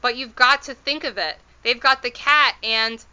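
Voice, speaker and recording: A woman's voice: a little high, normal speed, sharp tone, clean tone, voice pushed up, low-quality recording. A woman voicing an anxious tiny borrower wife who pleads and frets in a storybook read-aloud. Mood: fretful. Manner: fretful and pleading.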